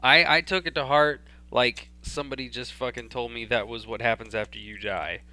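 Bright-voiced young man telling a story. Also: medium pitch, moderate pace. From Texas. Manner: animated, swearing, acts out voices in his story. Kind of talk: casual storytelling. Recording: faint background hum.

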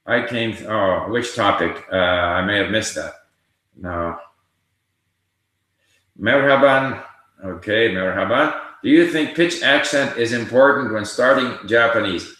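Man, older, lowish voice, livestream Q&A host, reads out questions, very echoey room. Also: moderate pace, bright, forceful tone. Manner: reads viewer questions aloud and answers conversationally. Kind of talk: casual livestream Q&A.

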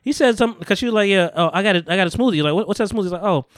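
A man's voice: high-pitched, lively intonation, racing, dry recording. A man hosting a podcast, casually retelling film scenes and acting out the quotes with lots of laughter. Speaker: podcast host. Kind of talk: casual chat.

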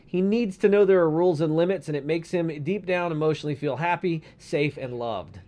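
A high-voiced man co-hosting a podcast, loose and profane, laughing his way through listener letters. He talks in a casual, joking manner. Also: brisk, a little mellow. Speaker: podcast co-host. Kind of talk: casual chat.

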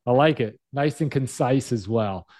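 A man's voice: medium pitch, normal speed, a little mellow, dry recording. A man hosting a podcast, chatting casually with his guest and calling him brother. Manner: friendly, calls guest brother. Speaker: podcast host. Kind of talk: casual interview.

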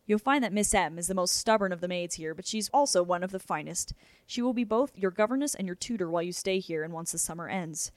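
A woman reading the part of a quirky, eccentric young Irish gentleman with an Irish accent, in a playful, theatrical manner. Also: sits high, fast, no echo, lightly acted. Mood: instructing.

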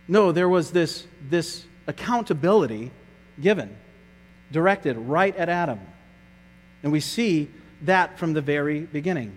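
A man's voice: on the high side, animated, normal speed, in a large hall. A man preaching a sermon as pastor, earnest and conversational, often repeating his words as he goes.

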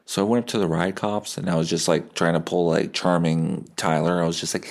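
This man hosts a podcast and tells a story from bed in a low, gravelly voice, talking a little fast with hardly any pauses. The anecdote is crude, full of laughter, and animated, with him imitating the voices of everyone involved.

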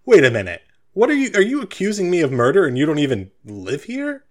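A man's voice: on the low side, lively intonation, normal speed, close to an everyday voice. A man voicing a bitter former town guard ranting indignantly at outsiders. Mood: defensive. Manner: indignant, accusing rant. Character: bitter older male ex-guard, hostile to outsiders.

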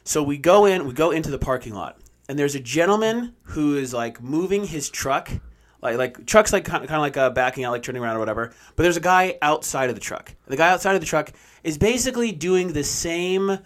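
A man telling a story in casual chat, animated and full of fillers like "like". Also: on the high side, a little fast.

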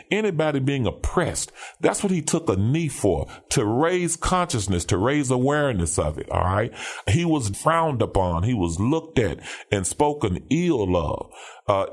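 A man, a pastor and police officer, talking in an emphatic preaching cadence, repeating phrases and checking in with "all right?". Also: medium pitch. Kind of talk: conversational commentary with preaching cadence.

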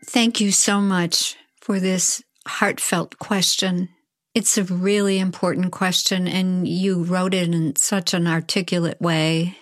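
A middle-aged woman therapist giving gentle, measured, reassuring advice on a podcast. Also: fairly low pitch, level tone, dry recording.

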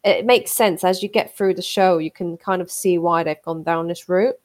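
A woman's voice: fairly low pitch, moderate pace. A woman co-hosting a podcast, chatting enthusiastically with lots of ums and restarts. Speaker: podcast co-host. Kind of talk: casual chat.

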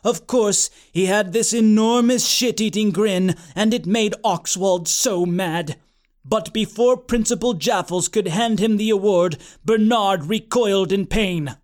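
Man, high voice, dry matter-of-fact comic audiobook narration. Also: a little slow, a little mellow.

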